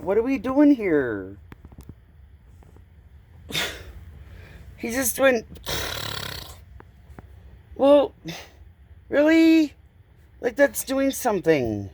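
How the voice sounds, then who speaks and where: A woman's voice: fairly high pitch, a little mellow, no room sound. A woman filming a walkthrough of a home closet on her phone, pointing things out in an exasperated voice and swearing now and then. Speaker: homeowner filming a complaint video. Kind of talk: casual walkthrough narration. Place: indoors, small closet in a home.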